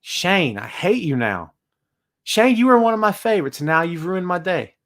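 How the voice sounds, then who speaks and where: High-voiced ranting show host man. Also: normal speed. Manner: animated, ranting, laughs often. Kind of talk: casual live-chat rant.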